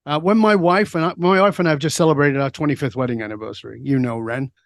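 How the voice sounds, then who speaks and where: A middle-aged man, a guest on an interview, telling stories in a lively way and answering his own questions. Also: on the high side, quick pace, no room sound, clean studio sound. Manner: lively storyteller who asks himself questions and answers them. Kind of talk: storytelling in a conversational interview.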